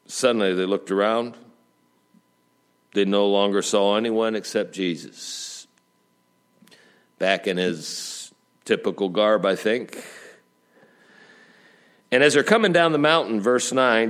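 A middle-aged man preaches a sermon, telling stories with joking asides. His delivery is lively, mixing quiet remarks with emphatic turns. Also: medium pitch. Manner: lively storytelling with jokes and asides. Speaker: pastor.

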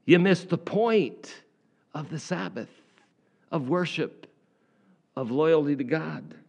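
A man's voice: on the high side, animated, slow pace, vocal fry, a little mellow, voice pushed up, full character voice. A preacher voicing a stern male teacher who rebukes hypocrites with emphatic, rising lines. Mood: rebuking.

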